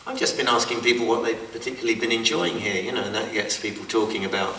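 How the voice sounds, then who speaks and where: A man from North London trading teasing banter on a convention panel. His voice is bright and forward, caught from a distance in an echoing hall with faint ambience. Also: fairly low pitch, fast, slight background noise. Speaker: first-time convention guest. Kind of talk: casual panel chat. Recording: roomy echo, mic far off.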